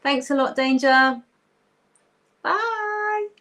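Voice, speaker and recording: A woman's voice: high voice, expressive, drawn-out words, fairly bright tone, poor audio. A woman hosting a live-streamed craft tutorial from her craft table at home, thinking aloud as she paints and often apologizing. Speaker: craft workshop host.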